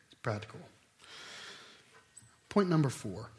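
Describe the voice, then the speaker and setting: A middle-aged man preaching a sermon, animated, swinging between loud emphatic stretches and quiet asides. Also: mid-range voice. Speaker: pastor.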